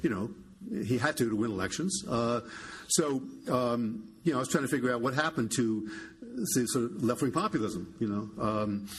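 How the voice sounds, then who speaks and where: An older American man, a historian guest, talking in a halting, wry way with many restarts. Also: mid-range voice, animated, husky. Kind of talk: conversational public interview.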